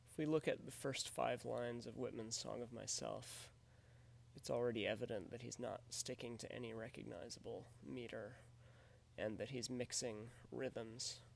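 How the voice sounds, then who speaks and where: Gravelly-voiced man giving a lecture. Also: medium pitch. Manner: methodical, explanatory, often says "in fact". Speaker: literature teacher. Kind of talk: recorded lecture on poetry.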